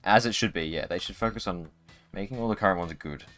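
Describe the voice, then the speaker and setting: Low-voiced man rambling on a game stream. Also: fast talker, a bit bright, soft background music. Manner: rambling, many fillers and restarts. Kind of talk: casual live-stream commentary. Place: home streaming setup.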